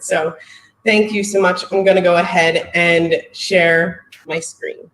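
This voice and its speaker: A woman's voice: lowish voice, fairly even intonation, slow, fairly bright tone, echoey room, slight background noise, rough recording. A woman, a company marketing executive, giving a heartfelt, emotional live presentation on a video call, close to tears.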